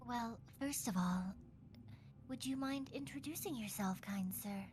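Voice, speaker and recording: A woman playing a courteous young adventurer in a tabletop game, speaking softly and politely. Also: fairly high pitch, unhurried, close to an everyday voice.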